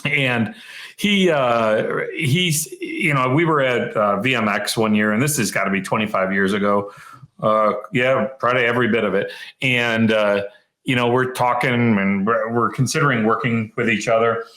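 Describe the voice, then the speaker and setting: A man's voice: mid-range voice, moderate pace, fairly bright tone, reverberant. Rambling middle-aged man telling a story. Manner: rambling anecdotal storyteller, self-correcting. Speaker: interviewer, practice marketing co-founder. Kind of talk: casual storytelling interview.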